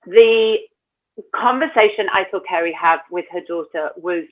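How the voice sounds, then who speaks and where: A woman's voice: fairly low pitch, a little slow. A woman co-hosting a casual reality TV podcast, candid and sweary, sharing strong opinions. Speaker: podcast co-host. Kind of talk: casual chat. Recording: tinny phone-like line.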